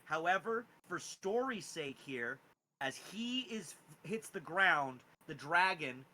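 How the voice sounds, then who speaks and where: A man narrating as game master of a tabletop game, animated and lively with frequent rising emphasis. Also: low-quality recording. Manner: animated, pitch jumping on key words.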